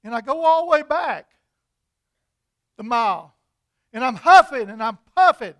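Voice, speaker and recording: A man voicing an angry laborer who resents being made to carry a heavy load, complaining in loud, exasperated outbursts. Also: very high voice, expressive, a little slow, no room sound, studio quality, exaggerated voice.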